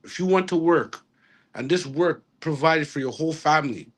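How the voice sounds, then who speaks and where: A man's voice: fairly high pitch, normal speed, a bit bright. A man, a reggae artist talking casually in an interview, rambling with restarts and slang.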